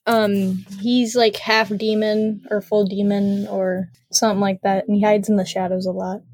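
A woman's voice: mid-range voice, little pitch movement, normal speed, darkish tone, slightly rough. A teenage girl chatting casually over a voice call, rambling and giggly as she retells scenes. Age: teens. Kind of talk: casual chat. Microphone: computer mic on a voice call.

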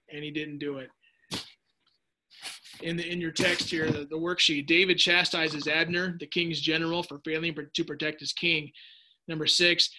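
A man's voice: a little high, sharp tone. A man leading a casual Bible study lesson, chatty and joking, answering viewers' typed questions. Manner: chatty, jokey asides, restarts mid-sentence.

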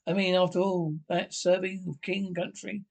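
A pompous career sergeant major full of bellowing indignation. His voice sits high for a man, and he talks in the brisk, blustering way of the parade ground. The scene comes from a 1970s British film comedy. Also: level tone, gravelly. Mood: pleading. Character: blustering veteran male army sergeant major.

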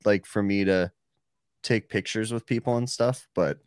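A man hosting a podcast, talking in a relaxed, rambling way with lots of filler words. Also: fairly low pitch, moderate pace, clean tone, dry recording, clean studio sound. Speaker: podcast host. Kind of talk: casual chat.

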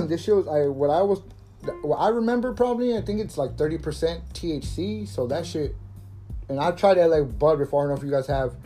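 Man, 30s, swearing podcast host with a mellow voice and a faint guitar bed. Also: fairly high pitch, normal speed, pauses often. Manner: profane, rambling, laughing. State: coughing from smoking. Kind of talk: casual stoner monologue. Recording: faint guitar music behind.

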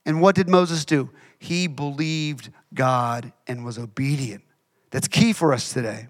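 A man's voice: mid-range voice, a little slow. A man preaching a sermon in a conversational, emphatic way, repeating phrases for effect.

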